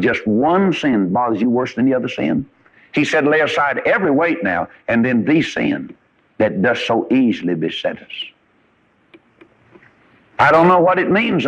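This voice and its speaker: A man's voice: medium pitch, slightly rough. A man preaching a sermon, telling folksy stories with rising and falling emphasis. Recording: dull lo-fi radio recording.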